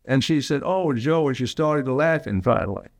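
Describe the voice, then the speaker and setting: A man's voice: medium pitch, expressive, moderate pace, vocal fry, no echo. Man in his 80s, pastor, folksy rambling sermon, dry close sound. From Alabama, US. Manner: folksy, digressive storytelling.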